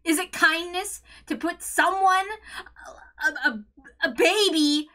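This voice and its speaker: A woman's voice: very high voice, slow pace. A woman hosting a read-along, giving emotional reaction commentary in an impassioned rant, stammering and close to tears. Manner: impassioned ranting, shouts and stammers. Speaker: host of a visual novel read-along.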